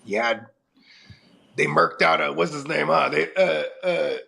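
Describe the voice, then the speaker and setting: A man's voice: on the high side, a little slow, vocal fry, sharp tone, husky. A man in his forties co-hosting a casual chat, rambling and profane, laughing often, with a cold. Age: 40s. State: has a cold. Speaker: podcast co-host.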